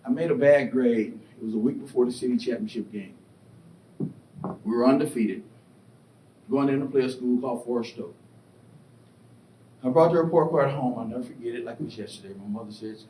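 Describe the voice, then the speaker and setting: A middle-aged man giving a motivational keynote, telling stories with lively acted-out voices and questions to the crowd. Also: normal speed, pauses often. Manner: animated storytelling, acts out voices and asks the crowd questions. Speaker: keynote speaker. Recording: echoey hall, distant mic, faint rumble.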